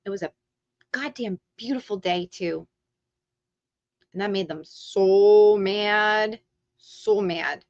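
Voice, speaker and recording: Speaking slowly with frequent pauses, this woman has a medium-pitched voice. She hosts a livestream full of heated ranting and free swearing, captured in dull, lo-fi stream audio.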